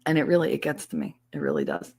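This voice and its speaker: A woman's voice: rumbling low, sing-song, fast talker, a little mellow, slightly rough. A middle-aged woman with a thick regional American accent, chatting bluntly and confidingly on a casual livestream, swearing freely. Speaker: streamer.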